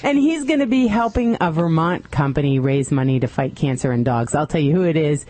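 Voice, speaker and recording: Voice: medium pitch, expressive, brisk, mellow, dry recording. A radio news presenter teasing an upcoming story in a playful way. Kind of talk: news teaser.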